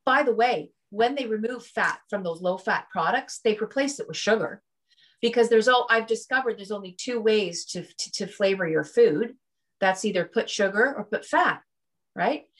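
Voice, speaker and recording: A woman's voice: mid-range voice, normal speed. A woman talking as a guest in a casual interview, chatty and often checking in with "right?" and "you know".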